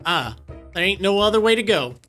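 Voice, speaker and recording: A woman's voice: mid-range voice, expressive, brisk, a bit bright, faint music behind, close to an everyday voice. A woman voicing a folksy, country-talking male leaf creature who acts as a helpful guide in a game, with a drawling, homespun manner. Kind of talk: reading game dialogue aloud.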